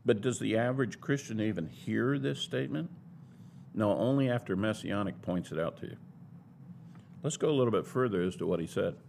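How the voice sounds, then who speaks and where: Emphatic, gravelly-voiced male Bible teacher. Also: fairly low pitch, brisk, a little mellow, a little hiss or hum. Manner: emphatic, argumentative. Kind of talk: taught sermon-style lesson.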